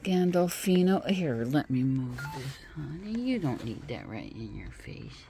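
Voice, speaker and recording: A woman's voice: huge pitch swings, unhurried, vocal fry, dark tone. Chatty woman touring her home and garden. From California. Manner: chatty, rambling, talks to pets in a high sing-song. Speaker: vlogger. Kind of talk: casual home tour chat. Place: home and garden, indoors and outdoors. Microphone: phone held while filming.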